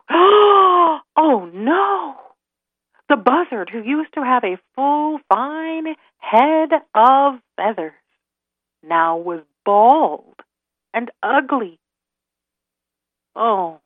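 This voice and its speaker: A woman telling a folk tale, slow and dramatic in her delivery, heard over a tinny line. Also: mid-range voice, no echo. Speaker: storyteller. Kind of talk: storytelling narration.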